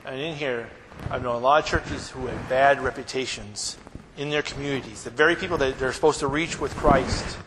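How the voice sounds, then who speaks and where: A man preaching a sermon as pastor, animated and often checking in with his congregation. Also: mid-range voice, moderate pace, big-room sound, background noise.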